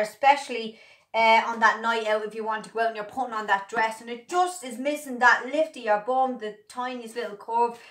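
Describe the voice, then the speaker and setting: A woman's voice: on the high side, fairly bright tone. Chatty woman selling to camera. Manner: chatty, playful and upbeat, addressing viewers as girls. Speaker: online seller demonstrating her product. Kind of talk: casual sales demonstration to camera. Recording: echoey room.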